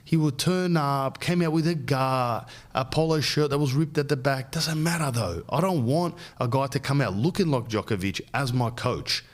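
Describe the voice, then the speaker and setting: An Australian man hosting a podcast, talking in a loose, slangy, animated way and calling the listener "bro.". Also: medium pitch, normal speed, hardly any pauses. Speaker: podcast host. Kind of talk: casual rambling monologue.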